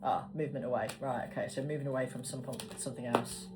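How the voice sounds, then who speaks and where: A woman's voice: extremely low pitch, fairly even intonation, fast. A woman giving a casual tarot card reading, chatty and swearing casually as she talks. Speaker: tarot reader. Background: background music.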